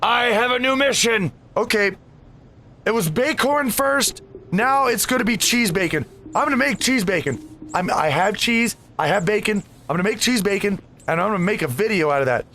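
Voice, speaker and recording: High-voiced rambling gaming host man. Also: expressive, normal speed, bright, forceful tone, a little hiss or hum. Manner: rambling, easily distracted, chatty asides. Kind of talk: casual let's play commentary.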